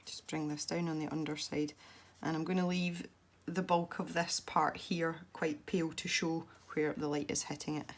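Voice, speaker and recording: A young woman with a congested, stuffy voice, chatting softly as she narrates her colouring. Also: low voice, little pitch movement, normal speed, few pauses. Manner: soft-spoken, chatty and self-deprecating. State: congested from a head cold. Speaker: colouring video host. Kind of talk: relaxed colouring commentary.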